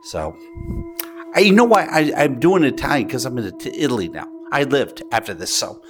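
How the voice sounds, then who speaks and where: A man's voice: mid-range voice, very animated, normal speed. A middle-aged man telling a comic story, rambling and crude, interrupting himself. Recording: loud music underneath.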